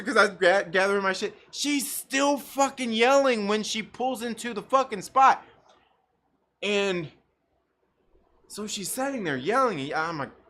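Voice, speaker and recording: A man rants through a story on a casual live stream, his pitch swinging widely as he swears freely and breaks into laughter. His voice is bright and sharp. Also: a little slow. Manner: profane, animated, laughs mid-story. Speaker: livestream host.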